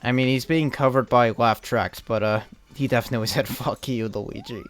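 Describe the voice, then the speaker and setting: A young man talks loosely through a game stream, wandering from one thought to the next and cursing offhandedly. His voice sits at an ordinary pitch and comes through smooth and clean. Faint game music plays underneath him. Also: steady tone, brisk. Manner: rambling, chatty, with frequent restarts and casual swearing. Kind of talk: casual live-stream commentary while playing.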